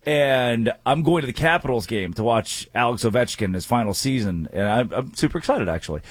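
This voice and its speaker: A male sports talk host with a slightly husky voice, recorded dry and close on a studio mic. He breaks down games with energetic, opinionated picks. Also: medium pitch, brisk, no room sound. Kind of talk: sports talk radio banter.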